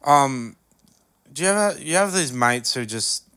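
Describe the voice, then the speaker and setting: An Australian man hosting a casual podcast, rambling through asides with plenty of fillers. His voice is bright and clear, smooth and crisp in tone. He sounds relaxed and chatty. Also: mid-range voice, a little slow. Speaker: podcast host.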